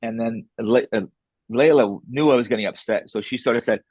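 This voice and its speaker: Husky man telling a story animatedly. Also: medium pitch, a little fast, no echo, muffled recording. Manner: animated, re-enacts dialogue, blunt and salty. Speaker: author interviewed as a podcast guest. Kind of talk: casual storytelling chat.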